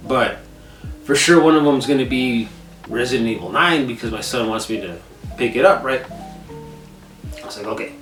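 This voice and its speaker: A man hosting a casual gaming vlog, rambling through an animated story full of "I was like" and repeated words. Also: mid-range voice, normal speed, pauses often, recorded from a distance. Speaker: gaming channel host. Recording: echoey room, set back from the mic, soft guitar music.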